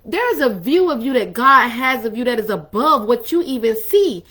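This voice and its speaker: A woman's voice: a little high, very animated, normal speed, fairly bright tone, husky. A woman hosting a faith-based talk on love and relationships, speaking in a conversational, emphatic, preacherly way. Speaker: ministry host.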